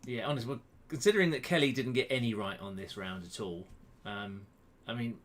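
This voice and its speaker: A man's voice: mid-range voice, fairly quick. Chatty male quiz host, self-mocking, greeting viewers from home over a webcam with faint background noise. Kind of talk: casual live-stream chat. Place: home room, indoors. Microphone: webcam close to the face.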